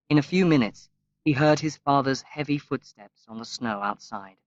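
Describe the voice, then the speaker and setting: A man with a mid-range voice reads a graded-reader story aloud as audiobook narration, slow and measured with long pauses. The recording is dry, slightly dull, lo-fi, and has no room sound.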